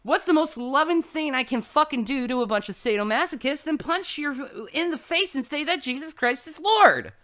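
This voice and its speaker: Bright-voiced woman ranting, preachy and profane. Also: high voice, fairly quick, hardly any pauses. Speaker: religious online streamer.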